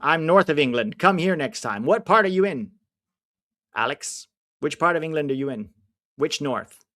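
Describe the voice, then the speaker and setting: Lively American man hosting a live stream. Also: on the high side, normal speed. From United States. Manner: chatty, answers viewers' comments, bursts of excitement at chances. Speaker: watch-along host. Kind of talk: live-stream chat and match reactions.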